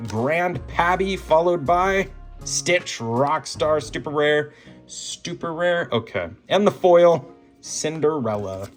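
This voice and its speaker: A man hosting a card-opening vlog, calling out each card and gushing when a big pull appears. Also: on the high side. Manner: gushing, animated, breaks into laughter and shouts at big pulls. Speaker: card-opening channel host. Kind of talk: excited pack-opening vlog.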